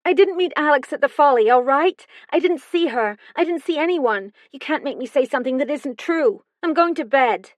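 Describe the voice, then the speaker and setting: A woman's voice: fairly high pitch, expressive, moderate pace, no room sound, voice pushed up, lightly acted. A woman voicing a defiant young woman who answers questions sharply and evasively. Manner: sharp, defensive retorts.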